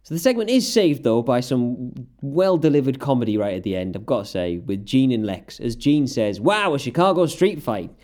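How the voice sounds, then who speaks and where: Lively, laughing man. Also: medium pitch, moderate pace, hardly any pauses. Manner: animated, laughing, sarcastic. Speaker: podcast co-host. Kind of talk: casual chat recapping wrestling.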